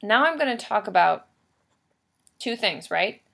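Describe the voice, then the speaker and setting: A woman teacher walks through a recorded writing lesson, explaining each step patiently and hammering home key points by repeating them. Her voice sits at a middle pitch with a gravelly fry at the edges. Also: animated, unhurried, a bit bright. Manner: patient, explanatory, emphatic repetition.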